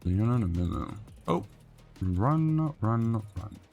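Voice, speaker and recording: A man's voice: lowish voice, animated, slow, creaky, darkish tone. A man giving casual, exasperated commentary while playing a video game, grumbling at teammates. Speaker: gameplay streamer. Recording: game music behind voice.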